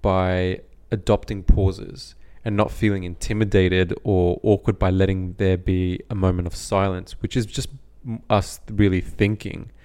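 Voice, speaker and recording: A man's voice: deep voice, little pitch movement, unhurried, hardly any pauses, darkish tone, clear, resonant tone. A young Australian man co-hosting a podcast, chatting casually and reflectively, often repeating himself as he thinks. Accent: neutral Australian. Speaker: podcast co-host. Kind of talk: casual chat.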